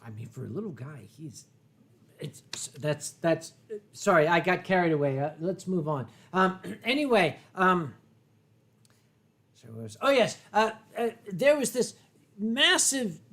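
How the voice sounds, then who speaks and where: A man's voice: high voice, fairly bright tone. A middle-aged man hosting a casual drinking chat, rambling and swearing with many fillers and restarts. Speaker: host.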